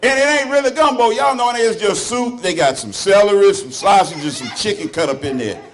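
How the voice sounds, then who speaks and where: Southern-accented male stand-up, slightly high voice, loose teasing crowd work. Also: lively intonation, a little fast. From Alabama. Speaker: stand-up comedian. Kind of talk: stand-up comedy set. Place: club stage before a live audience.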